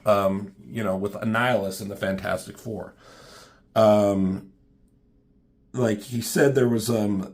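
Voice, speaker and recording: A man's voice: on the low side, darkish tone. A man casually recapping a comic book, rambling and profane, full of ums and side comments.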